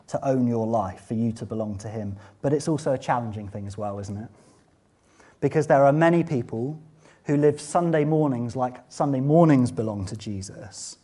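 A man preaching a sermon, swinging between loud, fervent exclamations and quiet, conversational asides. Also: medium pitch, slightly rough. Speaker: pastor.

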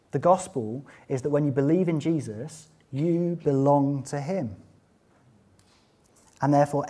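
A pastor with a mid-range voice preaches a sermon, alternating between loud, fervent exclamations and quiet, conversational asides.

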